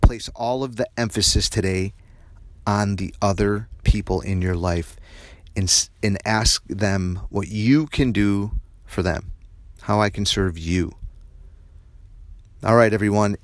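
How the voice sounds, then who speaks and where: Man, low voice, earnest spiritual podcast host, dry close sound. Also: measured pace, dry recording. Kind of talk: motivational self-help tip.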